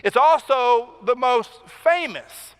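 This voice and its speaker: Male pastor, high and bright voice, chatty sermon, rings in a church hall. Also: animated, slow, clear, resonant tone. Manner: conversational, asks the crowd "right?" often. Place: church sanctuary.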